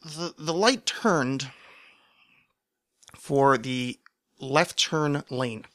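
A man hosting a podcast, telling a long story in a wry, rambling way and sometimes acting out shouted quotes. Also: medium pitch, drawn-out words, no echo, clean studio sound. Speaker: podcast host. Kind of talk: casual storytelling monologue.

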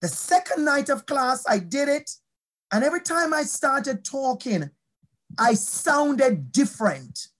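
A woman from Jamaica, an educator telling a personal story during a conference talk, animated and shifting her pace as she goes. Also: sits high, slow pace.

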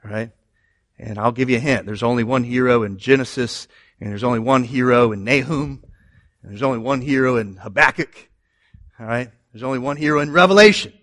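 A man preaching a sermon in an animated way, moving between loud emphasis and quiet asides. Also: mid-range voice, a little fast, no echo, clean studio sound. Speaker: pastor.

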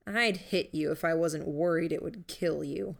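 A woman voicing a grumpy, sharp-tongued young teen boy in a storybook reading, with quick defensive retorts. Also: sits low, creaky.

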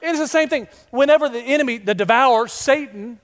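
High-pitched guy preaching, lively, acts out voices, big hall echo. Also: fast talker. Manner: animated, acts out quoted voices. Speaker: pastor. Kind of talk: sermon.

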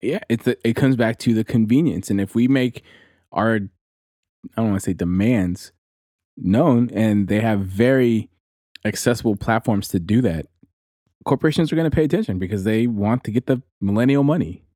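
A man's voice: on the low side, normal speed, dark tone, no room sound, clean studio sound. Wry, easygoing young man. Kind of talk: casual chat.

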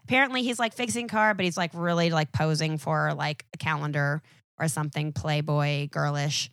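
A woman's voice: deep voice, steady tone, normal speed, a bit bright, smooth, no room sound. Young woman rambling and laughing, lots of like, dry sound. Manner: rambling, laughing, sprinkled with "like" and swearing. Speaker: podcast guest. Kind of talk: casual podcast chat.

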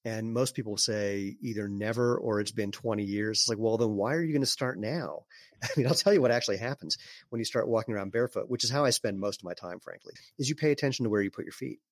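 A man speaking as an interview guest, explaining in a relaxed way with fillers and some throat clearing. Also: lowish voice, quick pace, no room sound. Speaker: guest, barefoot sandal maker. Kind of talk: casual conversational interview.

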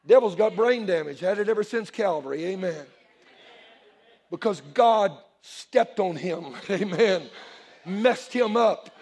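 Man, pastor, high-pitched voice, lively sermon, call-and-response, church. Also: a little slow. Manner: animated preaching that swells to shouts, call-and-response. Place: church before a congregation.

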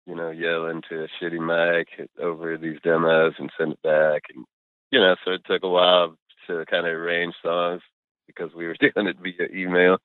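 A man's voice: low-pitched, completely flat delivery, normal speed, smooth, no room sound. A middle-aged man, a musician guest, talking loosely in a casual interview, rambling with lots of fillers and the odd swear word. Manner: laid-back, rambling, heavy on fillers and swearing. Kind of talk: casual interview chat over a call. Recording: tinny phone-like remote line, dry.

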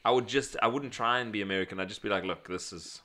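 A man hosting a podcast, chatting casually and agreeing often with quick responses. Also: on the low side, a crowd in the background. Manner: agreeable, lots of quick affirmations.

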